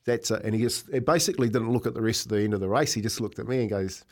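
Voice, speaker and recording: A man's voice: fairly low pitch, racing. A New Zealand man chatting casually on radio, telling a long story with lots of fillers and restarts. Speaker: racehorse owner and regular.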